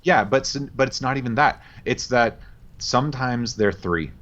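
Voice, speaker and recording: A man's voice: mid-range voice, lively intonation, moderate pace, fairly bright tone. A man in his thirties, a podcast co-host, telling stories in casual chat in an earnest, reflective way. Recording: slightly muffled lo-fi audio.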